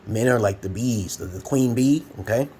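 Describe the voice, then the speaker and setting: At a moderate pace and in a mellow, mid-range voice, a man in his forties offers rambling advice as a vlogger from Brooklyn, New York, USA. The monologue, given in a room at home, is blunt, profane and preachy. A fan runs in the background, and there's a little hiss or hum.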